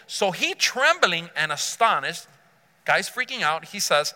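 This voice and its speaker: Man, pastor, sermon, animated storyteller, high bright voice, long hall reverb. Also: unhurried. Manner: animated storytelling, acts out quotes, emphatic.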